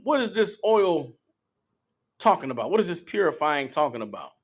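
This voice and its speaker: Guy teaching a bible lesson, high voice, blunt and cussing, keeps checking if y'all follow. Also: sing-song, normal speed. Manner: emphatic, profane, questioning. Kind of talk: call-and-response scripture teaching.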